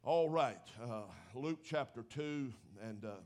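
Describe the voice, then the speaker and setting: A preacher man delivering a sermon in a casual, homespun way. His voice sits at an ordinary middle pitch, and he pushes up in pitch and loudness to stress his points. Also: takes it slowly. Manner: folksy preaching, building to emphatic rises. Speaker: pastor.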